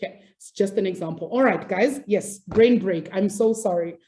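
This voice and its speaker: A woman's voice: mid-range voice, moderate pace, mellow, slight background noise. A woman teaching a maths class online, upbeat and chatty, apologizing and laughing easily as she explains.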